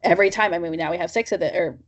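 A woman's voice: fairly low pitch, very fast, slightly rough. A woman in her thirties hosting a podcast, chatting casually and encouraging her guest. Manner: warm, encouraging, affirming interviewer. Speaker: podcast host. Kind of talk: casual interview chat.

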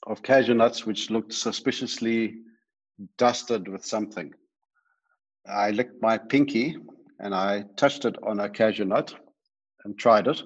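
A man telling an amused anecdote as a guest. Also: lowish voice. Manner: amused, unhurried storyteller. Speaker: guest, sauce maker. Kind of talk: storytelling anecdote. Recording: dull lo-fi remote audio.

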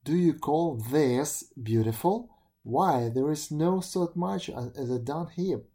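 Proud touchy stag beetle, indignant and complaining, warm low tone voiced by the storybook reader. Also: lively intonation, takes it slowly. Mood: huffy.

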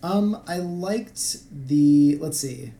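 Hesitant man with a mellow voice. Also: fairly high pitch, lively intonation, drawn-out words. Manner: hesitant, many fillers and restarts. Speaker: podcast co-host. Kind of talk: casual chat about a video game.

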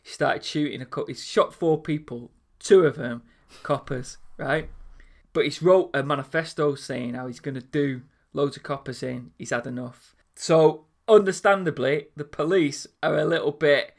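A man telling anecdotes in a casual chat, animated and acting out the voices of people in his stories. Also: a little high, normal speed, creaky.

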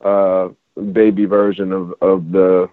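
A man's voice: low-pitched, level tone, slow, dry recording, phone-quality sound. A man on a casual podcast, a rapper explaining his new song in a rambling way with many restarts. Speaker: rapper and songwriter guest.

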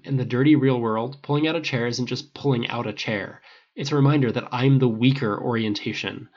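Guy reading as a cocky sarcastic man, swears a lot, husky rough voice. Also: mid-range voice, highs cut off, lightly acted. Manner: blunt, flippant and profane. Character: brash sarcastic man, quick and defensive.

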